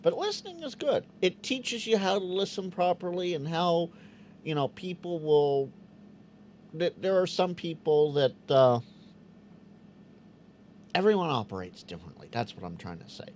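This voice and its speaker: A man hosting a casual live Q&A stream, reading out chat questions and answering them with quick restarts. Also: high voice, slight background noise. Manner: animated, stammering restarts, acts out quoted voices.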